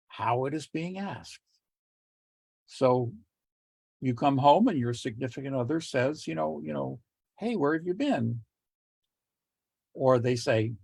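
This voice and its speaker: A middle-aged man teaching communication skills in a relaxed lecture, telling jokes with quoted voices and small laughs. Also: a little high, creaky, slightly rough, dry recording. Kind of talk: lecture with joke anecdotes.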